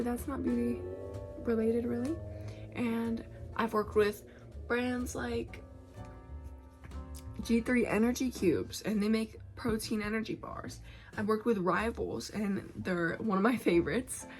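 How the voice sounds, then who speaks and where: A chatty young woman with a somewhat high voice talks casually to her viewers, her sentences loose and full of fillers. Faint music plays softly under her voice. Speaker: content creator. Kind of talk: casual vlog talk.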